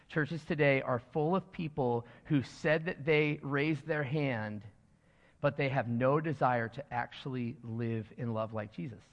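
A man preaching a sermon as pastor, earnest and rising to emphatic points, with casual fillers. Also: mid-range voice. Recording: dull sound in a long reverberant hall.

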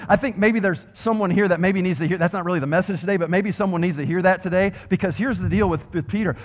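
Animated male preacher in a reverberant church. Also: high-pitched. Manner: animated, swings between loud emphasis and quiet reverent passages; acts out quoted voices with humor. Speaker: pastor. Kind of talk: sermon. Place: church sanctuary with congregation. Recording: dull, reverberant hall sound.

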